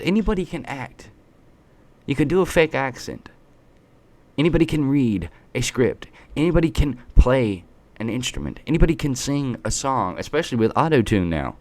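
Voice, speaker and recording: A man's voice: medium pitch, very animated, normal speed, darkish tone. A man giving a ranting opinion commentary, emphatic and sarcastic, hammering at his points with repeated rhetorical questions. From United States. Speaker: political commentator.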